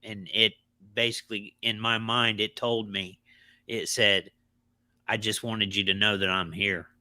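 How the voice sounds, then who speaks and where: A man hosting the chat who shares his own experience in a sympathetic, halting way. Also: fairly low pitch, flat delivery, bright, forceful tone, dry recording. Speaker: podcast host. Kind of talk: casual chat.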